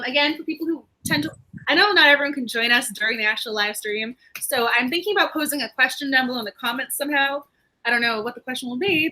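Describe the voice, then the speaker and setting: A woman's voice: high-pitched, bright, forceful tone, poor audio. A woman co-hosting a book club live stream, chatting casually and laughing often.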